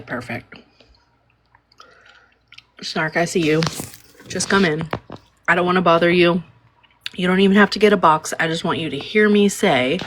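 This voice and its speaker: A woman with a low, husky voice hosts a casual livestream. She talks softly and hesitantly, filling her pauses with ums. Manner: soft-spoken, hesitant with many fillers. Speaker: livestream host.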